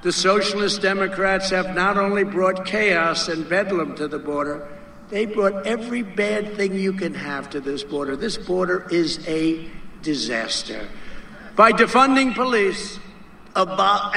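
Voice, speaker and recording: A man's voice: sits high, expressive, measured pace, sharp tone, slight background noise. Rambling man giving a rally speech. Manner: rambling, repetitive, with emphatic asides. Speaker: political speaker. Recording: roomy, heard from a distance.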